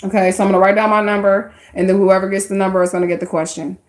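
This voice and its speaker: Racing through her words with little pitch movement, this woman has a mid-range, slightly mellow voice. She's doing casual tarot readings live, chatting to her viewers in slangy terms.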